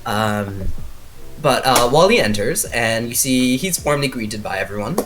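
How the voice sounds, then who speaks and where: A man running a tabletop horror game for friends, talking casually and rambling through his narration. His voice is mid-pitched and relaxed, full of fillers. Faint music plays underneath. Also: a little slow. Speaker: game master.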